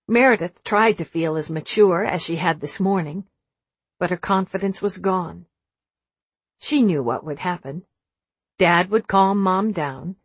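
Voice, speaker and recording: Husky, lowish woman narrating a novel. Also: dry recording. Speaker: audiobook narrator. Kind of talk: scripted narration.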